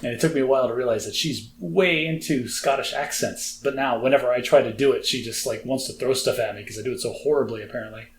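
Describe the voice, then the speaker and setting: Speaking fast with few pauses, an American podcast co-host keeps the casual chat going in a medium-pitched voice. His talk is chatty, self-mocking, and packed with fillers, and there's a little background noise.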